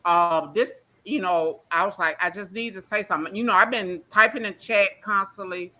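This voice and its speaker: A woman's voice: medium pitch, normal speed, pushed and bright. A woman calling in to a livestream, emotional and ranting bluntly with plenty of swearing. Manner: blunt, profane, rambling. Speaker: caller on a livestream. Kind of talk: emotional call-in rant.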